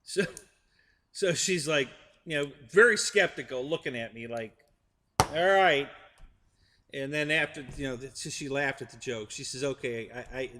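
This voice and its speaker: A man's voice: mid-range voice, moderate pace, pushed and bright, long reverb tail, a little hiss or hum. A middle-aged man hosting a live stream, rambling through a joke with restarts and chuckles while chatting with viewers. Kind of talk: casual chat with live chat viewers.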